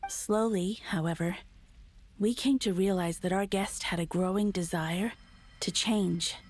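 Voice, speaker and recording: A resigned ancient moon goddess, played by a woman speaks in a grave, deliberate way. Her voice sits at a middle pitch. It is a game cutscene performance. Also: steady tone, darkish tone, close to an everyday voice.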